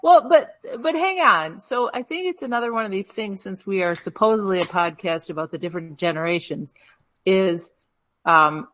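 A woman's voice: mid-range voice, moderate pace, fairly bright tone. A woman co-hosting a podcast in casual chat, musing aloud and questioning herself as she goes. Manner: musing, wandering, self-questioning. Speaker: podcast co-host.

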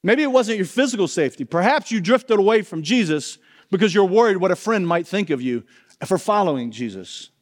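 A pastor delivers an earnest sermon in a high, bright-edged voice, pressing his listeners with direct questions. His words ring out with a long reverb, as from a church sanctuary. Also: expressive, a little fast.

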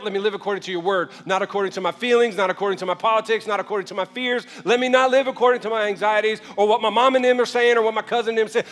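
A male pastor preaching a sermon, moving from quiet storytelling to shouted calls to the congregation. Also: sits high, in a large hall.

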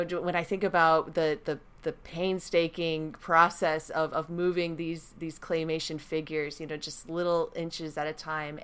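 A woman's voice: low-pitched, clean tone. A woman chatting on a podcast, gushing with lots of fillers and little laughs. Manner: warm, gushing, with many fillers and quick laughs. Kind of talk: casual chat.

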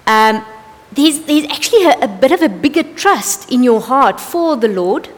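A woman's voice: sits high, expressive, moderate pace. Candid woman preaching in a reverberant hall. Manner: conversational, candid, with asides and self-corrections. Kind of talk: evening sermon. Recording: long reverb of a large hall.

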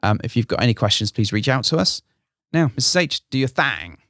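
A man co-hosting a casual podcast, talking in an upbeat, chatty way. His pitch sits in an ordinary middle range. The sound is dry and close, with no room sound. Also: lively intonation, a little fast, a bit bright, dry recording. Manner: upbeat, chatty, announces events. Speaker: podcast co-host. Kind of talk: casual chat.

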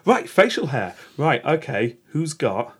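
A man's voice: mid-range voice, sing-song, measured pace, breathy edge. A man co-hosting a casual chat, teasing and laughing often. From England. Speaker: podcast co-host.

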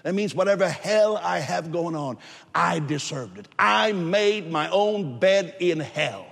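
Male pastor, emphatic sermon delivery, slightly high voice, long hall reverb. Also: lively intonation, unhurried, gravelly. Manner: emphatic preaching, rising loud then dropping low.

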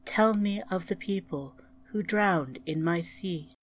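A woman voicing a calm planet-wide AI. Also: mid-range voice. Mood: soft. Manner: soft, measured. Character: vast ancient planet-wide AI, calm and soft.

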